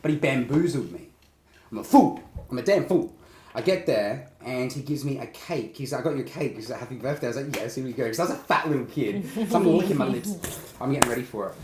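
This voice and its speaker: A man's voice: medium pitch, animated, brisk, a little mellow. A man, a podcast co-host telling a rambling, self-mocking story and laughing often. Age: 20s. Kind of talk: casual chat, storytelling. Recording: echoey room with background noise.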